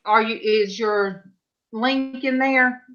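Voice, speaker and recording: A woman's voice: fairly high pitch, fairly even intonation, takes it slowly, a bit bright, lo-fi sound. A middle-aged woman hosting a casual live panel chat over a video call, telling rambling stories with fillers and restarts.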